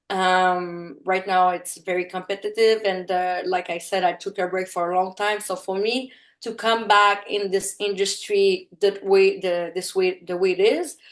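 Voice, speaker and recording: Halting French Canadian woman guest. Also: medium pitch. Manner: halting, searching for English words; bubbly, open. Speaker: interview guest. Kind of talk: casual interview chat.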